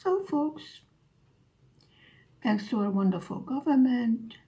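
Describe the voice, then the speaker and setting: A woman's voice: a little high, animated, takes it slowly, warm tone. A woman vlogger telling a story in a dry, sarcastic way as she chats over her craft. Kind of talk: casual storytelling while diamond painting.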